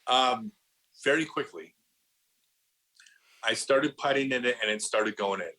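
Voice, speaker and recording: A middle-aged man with a bright, forward voice chats on a podcast, spinning stories with lots of false starts. He leans on "like" and keeps circling back to his point. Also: mid-range voice, unhurried, rough recording. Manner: animated storyteller, lots of restarts and "like". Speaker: podcast guest, disc golf pro. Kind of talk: casual podcast chat.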